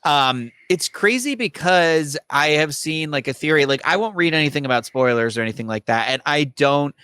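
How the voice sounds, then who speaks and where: A man's voice: on the high side, expressive, normal speed, bright, forceful tone, smooth, no echo. A man co-hosting a podcast, eagerly explaining things in a rambling, casual chat. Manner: enthusiastic, rambling fan explanations. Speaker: podcast co-host.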